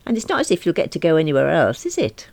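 Woman putting on a uni-student daughter, eager and preachy, raised pitch, bouncy delivery. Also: huge pitch swings, fast talker, gravelly, darkish tone, no echo, heavily acted. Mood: earnest. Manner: eager, earnest, slightly preachy. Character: earnest young woman, university-student daughter.

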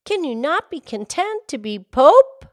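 A woman's voice: high voice, sing-song, unhurried, a little mellow, no echo, voice pushed up. Storybook: a woman playing a frightened, pleading old fisherman, dry sound. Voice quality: fearful, pleading.

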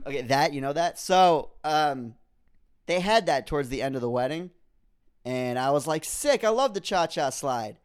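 A man's voice: high-pitched, clear, resonant tone. A young man hosting his own podcast, rambling through a comedic rant and breaking off mid-thought before building to exasperation. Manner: rambling, self-interrupting, rises to animated exasperation. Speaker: podcast host.

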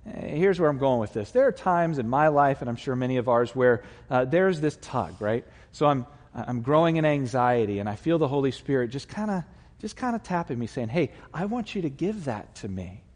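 A man, the lead pastor, preaching a relaxed, conversational sermon to his congregation, with plenty of filler words. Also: mid-range voice, a little fast. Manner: conversational, folksy, with many fillers. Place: church sanctuary. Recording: long reverb of a large hall.

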